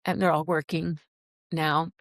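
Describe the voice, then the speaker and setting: A middle-aged woman, a podcast guest, earnestly telling her personal story in an animated, heartfelt way. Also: low-pitched, measured pace, dry recording, clean studio sound. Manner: earnest, animated, acts out quoted dialogue. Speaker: podcast guest, recovery program alumna.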